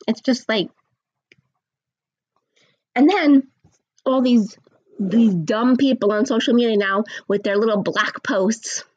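A woman giving a blunt, sarcastic opinion rant, slowing down to stress her points. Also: fairly high pitch, a little mellow, slightly rough, no echo, dull audio.

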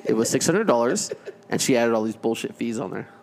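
A man's voice: medium pitch, animated, brisk, creaky, crowd noise. Profane man telling a story. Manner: profane storyteller, repeats words when restarting. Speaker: podcast co-host. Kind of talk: casual podcast banter.

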